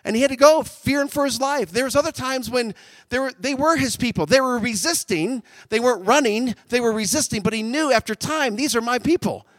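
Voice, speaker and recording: A man preaching a sermon, animated, swinging from loud shouts down to quiet, intimate tones. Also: very high-pitched, fairly quick, no echo.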